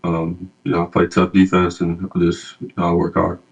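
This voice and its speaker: A man's voice: sits low, monotone, moderate pace, creaky, husky, dull audio. A man being interviewed as an athlete, answering plainly and a little reservedly.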